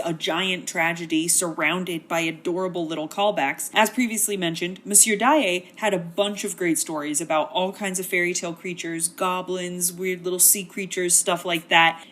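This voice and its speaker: A woman's voice: fairly low pitch, fairly bright tone. Wry chatty woman narrating a synopsis. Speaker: host. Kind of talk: comedic book synopsis narration.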